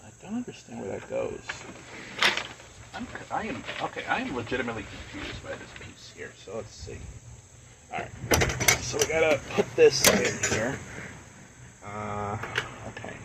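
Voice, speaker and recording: Gravelly, lively male streamer. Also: mid-range voice, measured pace, very noisy. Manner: rambling, filler-heavy, earnest. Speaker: live streamer. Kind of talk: casual live-stream chat.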